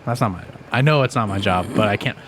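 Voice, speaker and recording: A man's voice: fairly low pitch, fast, fairly bright tone, a little hiss or hum. A man co-hosting a casual podcast, speaking frankly and with some swearing about his job. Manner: frank, profane venting about work. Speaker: podcast co-host. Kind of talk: casual chat.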